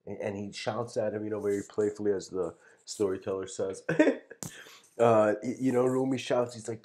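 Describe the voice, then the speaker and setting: A man's voice: on the low side, steady tone, normal speed, a little mellow. A man giving a livestreamed spiritual lecture, telling a story in a rambling way with many restarts and "you know"s.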